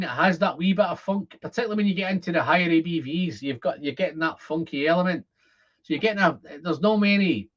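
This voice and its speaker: A Scottish man in his fifties with a voice on the high side hosts a casual whisky livestream, reading comments and chatting with viewers. He rambles as he thinks aloud, repeating words when thinking, and the stream audio is dull and lo-fi.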